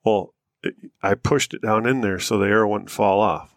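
A man's voice: lowish voice, moderate pace, creaky, no echo, studio quality. An American man co-hosting a podcast, chatting in an easygoing, laid-back way. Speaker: podcast co-host. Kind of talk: casual chat.

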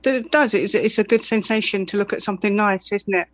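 A guest chats at a middling pitch. They talk hesitantly, with fillers and wry self-deprecation. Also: fairly quick, no room sound, poor audio. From Essex, England. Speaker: guest, painter. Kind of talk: casual conversation.

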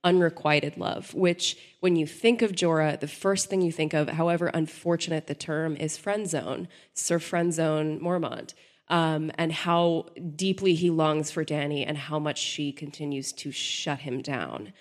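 A woman's voice: deep voice, steady tone, a little slow. A woman hosting a podcast, talking through ideas in a thoughtful, analytical way with frequent restarts. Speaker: podcast host. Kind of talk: casual podcast discussion.

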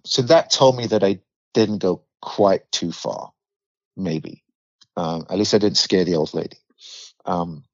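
Give me a deep British man as a podcast guest, candid and vivid, on a dry, muffled recording. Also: no room sound. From United Kingdom. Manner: vivid blunt storyteller, swears freely, acts out quoted lines. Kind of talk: candid storytelling in a podcast interview. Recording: slightly dull dry recording.

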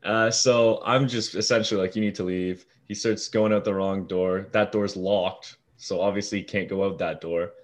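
A young man with a deep, low voice tells a story in loose casual talk. He swears freely and acts out the voices of the people in it. His pitch sits on the low side. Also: fairly even intonation, moderate pace, hardly any pauses. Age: young adult. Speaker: fast-food shift manager.

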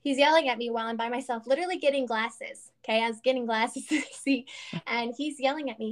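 A woman's voice: fairly high pitch, brisk. Earnest chatty woman in her thirties. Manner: earnest, animated storytelling with many fillers. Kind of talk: casual chat.

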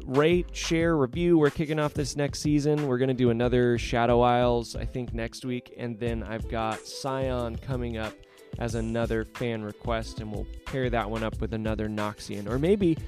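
Male podcast host, storytelling narration, expressive, gravelly, medium pitch.

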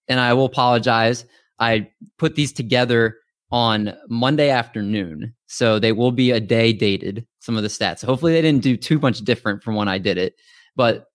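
A man's voice: mid-range voice, no room sound, studio quality. A man hosting a podcast, chatting casually with upbeat, hyped introductions over a remote call mic. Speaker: podcast host.

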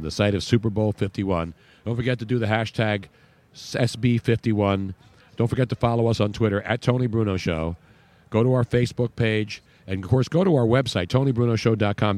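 A man's voice: on the low side, a little mellow, no room sound. A man hosting a talk radio show, chatting loosely and reading a live ad. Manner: chatty, rambling.

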